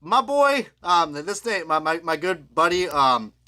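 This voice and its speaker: A young man hosting a live review, ranting in an excitable, profane way. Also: fairly high pitch, unhurried. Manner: excitable and profane, with loud laughing outbursts. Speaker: diecast reviewer.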